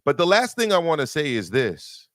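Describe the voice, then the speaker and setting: A man's voice: a little high, wildly swooping pitch, normal speed, a bit bright, dry recording, studio quality. A man on a boxing debate panel making his case emphatically. He repeats himself as he presses each point.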